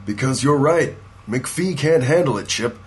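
A man's voice: mid-range voice, animated, measured pace, soft background music, lightly acted. An actor playing a firm, persuasive male boss of a paranormal agency, pressing a former agent to take a job in an audio drama.

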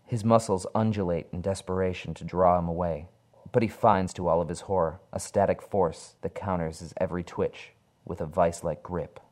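A man reading a horror story aloud in a dark, measured storytelling manner. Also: sits low, steady tone. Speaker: narrator.

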